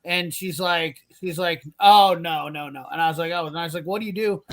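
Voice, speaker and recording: A man's voice: fairly high pitch, fairly quick. A man hosting a casual garage-talk livestream, telling a rambling story, acting out quotes and laughing often. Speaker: podcast host.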